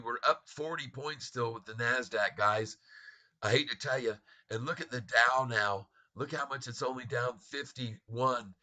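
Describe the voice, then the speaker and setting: A man's voice: medium pitch, pushed and bright. A man hosting a live stock market stream, reading out prices and taunting short sellers with frequent laughter. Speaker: stock market livestream host.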